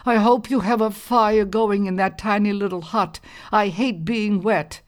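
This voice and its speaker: A woman reading a storybook aloud and voicing a rude, whiny, spoiled girl who complains and shouts. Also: mid-range voice, fairly even intonation, unhurried, voice pushed up, natural voice.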